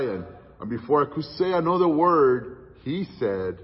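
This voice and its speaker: A man preaching a sermon, telling a story with dramatic pauses and dropping to hushed tones for quoted words. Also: medium pitch, lively intonation, breathy edge. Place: church hall. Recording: distant, muffled church hall recording with long reverb.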